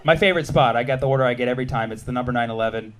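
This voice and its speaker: A man in his thirties from the United States doing a stand-up set, animated and punchy, with shouted bits and quick asides to the crowd. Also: medium pitch, slight background noise. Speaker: stand-up comedian.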